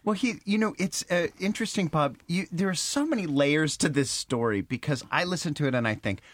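Guy chatting in a discussion, slightly higher voice, dry close sound. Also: animated, a little fast, no echo. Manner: chatty, thinking aloud with fillers. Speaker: guest discussing a story. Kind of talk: casual discussion.

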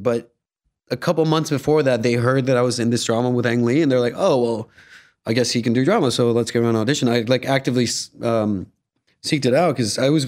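A man's voice: medium pitch, a little mellow. A young man from Guatemala, an actor and comedian, chatting playfully in an interview with lots of fillers and laughs. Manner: playful, laughing, filler-heavy, acts out voices. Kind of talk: casual interview.

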